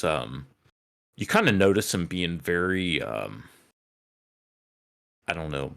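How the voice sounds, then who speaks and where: A man's voice: deep voice, fairly bright tone. A man running a tabletop game as game master, rambling with many fillers as he narrates.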